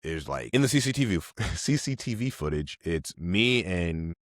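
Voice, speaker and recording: A podcast guest and army officer in his thirties swaps stories casually, animated and frequently laughing. His deep voice is lively and moves at a normal speed, and the studio recording is dry and clean.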